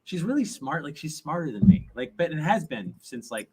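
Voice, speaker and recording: A man guesting on a live podcast, chatting in a relaxed, somewhat halting way with lots of "like"s. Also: on the high side, a little hiss or hum. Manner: relaxed, a bit halting, many "like"s. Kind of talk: casual chat. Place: live show at an event.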